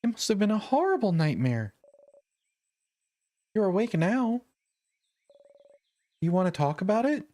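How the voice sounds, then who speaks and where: A streamer reading a story game aloud, voicing a cheerful, caring young woman who worries over her friend. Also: big pitch swings. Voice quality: high and bright, sing-song. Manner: gentle, fussing, quick to scold in jest.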